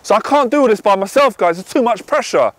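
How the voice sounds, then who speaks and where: A man coaching on dating, talking intensely, swearing and then calming himself down. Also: high-pitched, fast, dry recording. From half Irish. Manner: intense, swears, swings from loud to quiet. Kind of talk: passionate monologue to camera.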